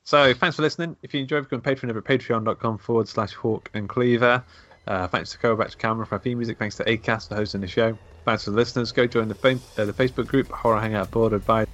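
A man hosting a podcast in casual chat, deadpan and playful as he pitches silly plots. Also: fast talker. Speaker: podcast host. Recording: dull, dry lo-fi podcast recording.

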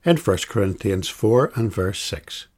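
A man teaching a catechism class on a bible passage, speaking in a measured, emphatic way and repeating phrases for stress. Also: fairly low pitch, expressive, a little mellow, slightly rough.

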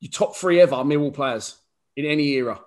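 A man's voice: a little high, fairly quick. A man hosting a casual interview who laughs along and asks loose, friendly questions. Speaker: podcast host.

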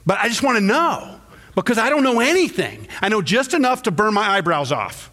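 A middle-aged pastor preaches a sermon in church, telling stories and acting out quotes with sudden leaps in pitch. His delivery is sing-song and brisk, with a bright, forceful tone.

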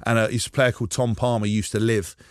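A man in his thirties from England talks fast in a low voice. He tells lively stories as a radio guest. The studio sound is dry and close. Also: no echo. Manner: animated, jokey, acts out quoted voices. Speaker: former rugby player, guest. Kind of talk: casual storytelling on radio.

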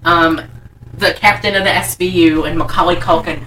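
A woman's voice: fairly low pitch, steady tone, moderate pace, recorded from a distance, over a noisy crowd, rough recording. A woman casually chatting as a podcast co-host, rambling and profane as she recaps a movie. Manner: rambling, profane, acts out characters' lines. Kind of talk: casual chat.

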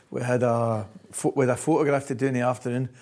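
A Scottish man, a former football coach, recounting old stories in an interview. He tells them in a lively way, laughs as he goes, and keeps asking "right?". His voice sits in a middle pitch. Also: normal speed. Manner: lively storyteller, laughs often, says "right?" constantly. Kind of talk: anecdotal interview chat.

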